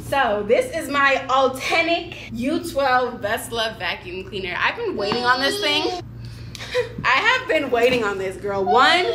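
A young mom vlogging at home speaks in a slightly high voice, using playful, animated sing-song baby talk with her toddler and chatting casually to viewers. The indoor home camera audio is roomy and a bit distant, with background noise.

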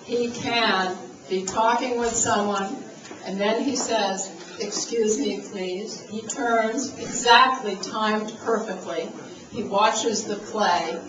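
A woman's voice: mid-range voice, fairly even intonation, takes it slowly. A woman telling a light story as she introduces a guest speaker at a reception. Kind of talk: introductory speech. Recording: roomy hall, mic at a distance, noisy.

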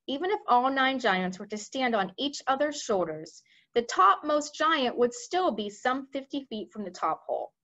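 Woman, storybook read-aloud, bright lively voice, slightly high, dull lo-fi sound. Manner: expressive, addresses listeners directly. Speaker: library read-aloud reader.

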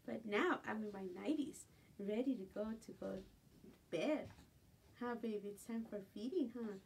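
A woman's voice: a little high, animated, moderate pace, a little mellow. A middle-aged woman selling jewelry on a live stream from home, chatting casually and sometimes cooing in baby talk. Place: home at night. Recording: distant phone mic with faint room noise.

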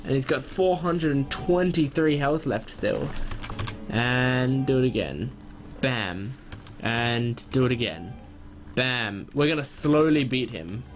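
A young man giving excitable gameplay commentary, quick to get frustrated and loud when things go wrong. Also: medium pitch, soft background music. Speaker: gaming channel host.

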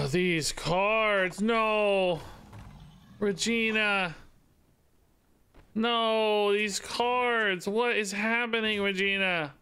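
Smooth but sharp in tone, this man's voice draws out its words with a creaky edge. He livestreams a card game, mixing casual chat and commentary with baby-talk cooing, his delivery bouncy and full of sing-song pitch leaps.

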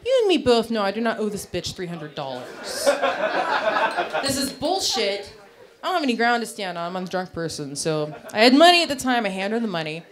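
A woman's voice: medium pitch, very animated, a little fast, a crowd in the background. A woman performing a stand-up comedy set on a club stage, brash and crude, with self-deprecating punchlines. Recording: live club set with loud audience laughter. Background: audience laughing.

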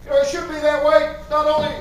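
A man's voice: very high voice, monotone, fast, slight background noise. A man preaching a sermon in a church as the pastor, fervently repeating his key phrases and reading scripture aloud. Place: church sanctuary. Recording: echoey church from far off.

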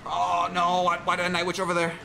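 A young man giving excitable, jokey running commentary on his own gameplay, talking to himself as he plays. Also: high-pitched, fast talker, vocal fry, slight background noise. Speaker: gaming creator.

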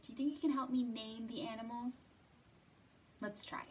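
A young woman leading a children's library storytime, gently coaxing little listeners with sing-song questions and sometimes dropping to a whisper. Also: a little high, fairly even intonation, normal speed, distant mic, slight background noise. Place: library room.

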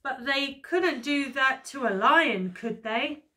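A woman's voice: high-pitched, animated, slow, pushed and bright, voice pushed up, full character voice. Woman doing a scaredy-cat storybook lion. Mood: scared. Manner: easygoing, then whimpering. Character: lazy sunbathing male lion, easily scared.

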